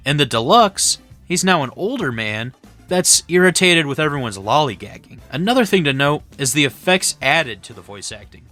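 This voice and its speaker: A man's voice: mid-range voice, pushed and bright. A man reading a scripted voice-over game review in an opinionated, blunt way.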